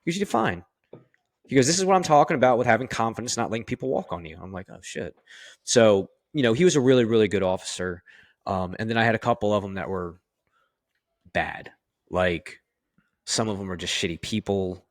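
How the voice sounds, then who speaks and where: A fire officer with a lowish, expressive voice talks briskly in a casual interview, recorded dry with clean studio sound. His candid, profane stories are packed with "you know," and he acts out the quoted dialogue.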